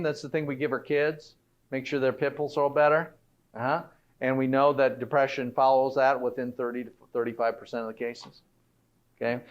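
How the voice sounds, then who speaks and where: A man's voice: mid-range voice, highs cut off. A middle-aged man giving a conversational health talk to an audience, often tossing out rhetorical questions. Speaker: health speaker.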